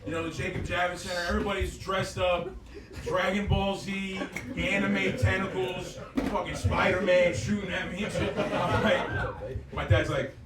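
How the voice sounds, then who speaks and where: A man's voice: sits high, little pitch movement, moderate pace, heavy background noise. A man from the Bronx with a New York accent doing a brash, crude stand-up set at a live comedy night. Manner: loud, brash and crude, riffing with the crowd. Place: comedy club with a live audience. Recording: echoey club room, distant mic, audience laughter.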